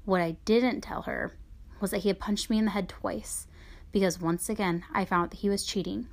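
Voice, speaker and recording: A woman reading her own memoir aloud in a soft, subdued voice that sometimes drops to a near whisper. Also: mid-range voice, steady tone, moderate pace, gravelly.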